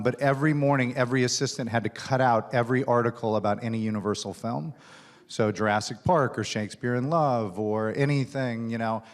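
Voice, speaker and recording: A man speaking as the guest at a conference keynote, telling a long career anecdote in a self-deprecating, chatty way with frequent fillers. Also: medium pitch. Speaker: studio executive, keynote guest. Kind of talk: onstage conversation, storytelling. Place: conference stage.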